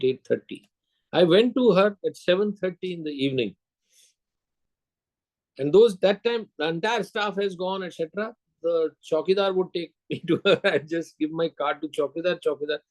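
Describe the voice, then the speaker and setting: A man's voice: a little high, darkish tone, poor audio. An older man giving a sales lecture, telling anecdotes, acting out dialogue and quizzing his audience.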